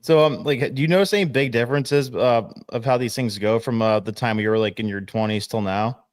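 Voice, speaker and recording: Relaxed male podcast host, dry close sound. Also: medium pitch, a little fast, dry recording. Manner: relaxed, laughs along, loose filler-heavy talk. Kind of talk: casual podcast chat.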